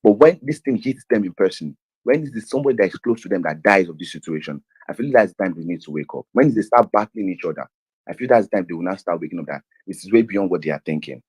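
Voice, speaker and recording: Man, low and husky, earnest and a bit halting, dry sound. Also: lively intonation, a little mellow, no room sound, poor audio. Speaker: participant. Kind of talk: casual talk in an online audio chat room.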